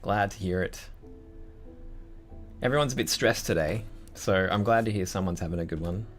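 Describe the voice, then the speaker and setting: A man's voice: low voice, normal speed, soft background music. A young Australian man with an Australian accent, chatting casually on a livestream with a rambling, laid-back manner and frequent laughs. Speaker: composer streaming live. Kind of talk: casual livestream chat reading viewer messages.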